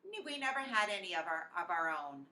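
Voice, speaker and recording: A woman voicing a shrill, fussy older woman guest who shrieks and takes offense easily. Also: big pitch swings, brisk, pushed and bright, reverberant. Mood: prim.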